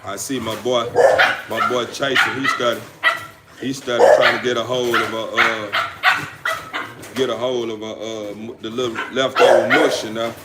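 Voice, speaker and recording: A man's voice: medium pitch, very noisy. A man livestreaming casually about his dogs, with a rambling, laid-back manner. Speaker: dog breeder livestreaming. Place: home kennel with dogs.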